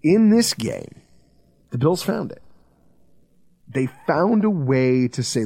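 A man hosting a sports podcast, telling stories in a lively, swearing, casual way. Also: measured pace, creaky, long pauses, husky, no room sound. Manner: animated, storytelling, swings between low intensity and loud outbursts. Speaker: podcast host.

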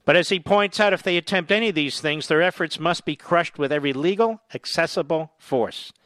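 A man's voice: on the high side, brisk, fairly bright tone, no room sound. Male talk radio host, pushy and emphatic, dry studio sound. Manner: combative, emphatic. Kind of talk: political talk radio monologue.

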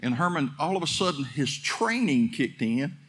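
A man's voice: on the high side, sing-song, normal speed, a bit bright, slightly rough. A man pastor preaching a sermon, telling a story and building to fervent exhortation.

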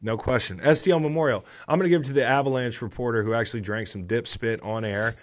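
A man's voice: medium pitch, fast. A man in his thirties, a former football player hosting a podcast, recapping the week's games in casual chat with swearing and rambling asides.

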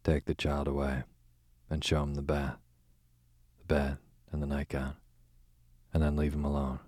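A man's voice: very deep voice, monotone, normal speed, a little mellow, no room sound. A man reading the part of a sardonic aristocratic duke in a bedtime audiobook, with a dry, sarcastic drawl.

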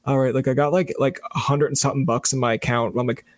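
Man, mid pitch, chatty podcast storyteller who acts out what he said, self-deprecating, dry close sound. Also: steady tone, fast, no echo. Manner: joking storyteller who acts out his own lines. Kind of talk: casual podcast chat.

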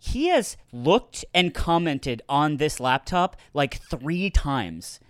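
A young man with a higher, bouncy voice teases his co-hosts on a podcast and laughs often. The recording is dry and close. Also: smooth, dry recording. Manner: excitable, teasing and quick to laugh. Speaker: podcast co-host. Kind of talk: casual chat.

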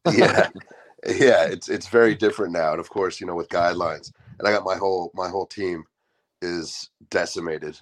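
Stuffed-up man with a very low voice. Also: steady tone. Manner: laid-back, profane, halting. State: stuffed-up nose. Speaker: podcast co-host. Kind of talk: casual sports chat.

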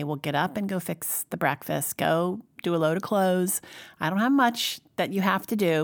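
A woman with a very low, gravelly voice co-hosts a faith-based conversation. She talks gently and reflectively, and her voice sounds dry and close to the mic. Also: no echo. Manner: reflective, gentle, scripture-minded. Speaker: co-host.

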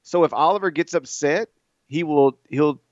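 A middle-aged man with a fairly high voice rambles through stories at a moderate pace while poking fun at his co-host on their casual sports podcast. The recording is dry and comes across dull and lo-fi.

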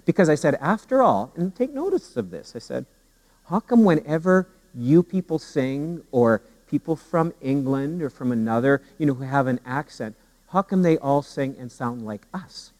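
A pastor preaching a sermon with humor and animated storytelling, often repeating his words as he goes. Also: medium pitch, moderate pace, big-room sound, rough recording. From Canada.

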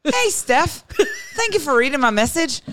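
A woman's voice: high-pitched, sing-song, normal speed, a bit bright, a little hiss or hum, pitched above the performer's own voice. A woman putting on a lilting Irish letter writer. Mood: playful. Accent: put-on Irish, drifting toward Scottish. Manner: playful read-aloud, exaggerated lilt. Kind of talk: reading a listener email aloud.

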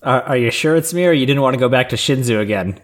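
A man in his thirties who trades sarcastic, profanity-laced comebacks in casual podcast banter. His pitch moves around a lot as he talks. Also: animated, fast talker. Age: 30s. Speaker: podcast co-host.

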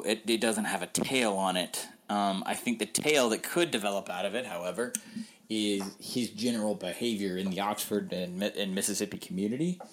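Low-voiced candid man reporter. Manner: candid, conversational, rambling with frequent ums. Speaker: sports reporter. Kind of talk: casual podcast interview.

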